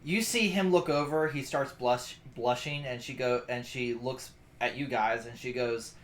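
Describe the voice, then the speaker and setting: A man's voice: medium pitch, a little slow. A man running a tabletop game as game master, narrating scenes in a casual, easy way. He laughs often and breaks off to explain the rules to his players.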